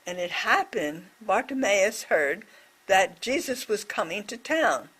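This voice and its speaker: A woman voicing a deaf presenter's signed reflection on a scripture story, speaking in short, measured phrases. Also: medium pitch, lively intonation, fairly bright tone, husky.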